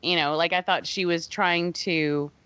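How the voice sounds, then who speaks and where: A woman's voice: fairly low pitch, fairly even intonation, measured pace, a bit bright, no echo, dull audio. A woman co-hosting a casual movie review chat, emphatic and laughing often. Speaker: podcast co-host.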